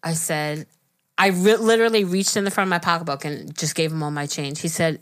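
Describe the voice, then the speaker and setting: Lower-voiced woman telling an emotional story. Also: a little fast. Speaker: podcast co-host. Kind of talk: casual podcast chat.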